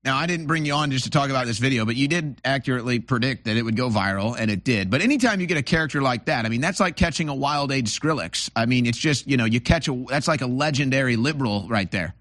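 A man's voice: mid-range voice, animated, fast, few pauses, a bit bright, no room sound. Male host, opinionated, rambling, stumbles and restarts, dry close sound. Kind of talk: casual interview talk.

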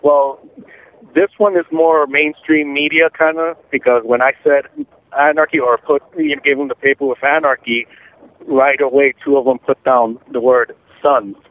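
A man reporting results on a radio show, speaking in a plain, matter-of-fact and slightly halting way. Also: mid-range voice, fairly even intonation. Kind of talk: casual on-air report. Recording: tinny dry phone line.

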